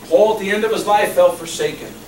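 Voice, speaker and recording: A man preaching a sermon as a pastor, passionate, swinging between loud emphasis and hushed repetition. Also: high-pitched, quick pace. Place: church hall. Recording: echoey room recorded from far off with background noise.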